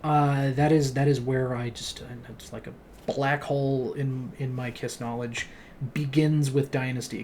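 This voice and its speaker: Young guy chatting about songs, laid back, lots of ums, mid voice, bit of hiss behind. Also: medium pitch. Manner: relaxed, lots of ums and likes, laughs often. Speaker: music vlogger. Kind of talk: casual rambling album review.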